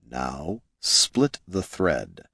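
A man's voice: fairly low pitch, no echo, heavily acted. A man doing a stern, impassive wizard. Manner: slow, flat, curt commands.

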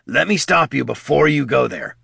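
A man voicing a gruff, clawed male creature who speaks bluntly. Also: mid-range voice, lively intonation, normal speed, pushed and bright, no room sound, studio quality, voice pushed up, heavily acted.

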